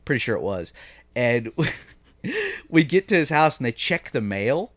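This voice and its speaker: A man in his thirties on a podcast, telling stories in casual chat and breaking into high, shrieking laughs. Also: a little slow, no room sound. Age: 30s. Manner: animated storyteller, bursts into high laughing shrieks. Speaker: podcast co-host.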